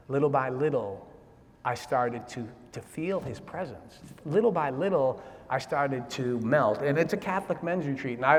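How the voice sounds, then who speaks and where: A man giving a personal testimony in a lively, streetwise way, often asking "right?" of his listeners. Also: fairly high pitch. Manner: animated, streetwise, repeats "right?" to the crowd. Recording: long hall reverb.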